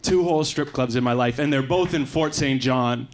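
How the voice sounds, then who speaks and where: A young Canadian man performing a stand-up set in a comedy club, with quick deadpan asides. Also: medium pitch. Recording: live club recording with faint crowd noise. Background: faint audience laughter.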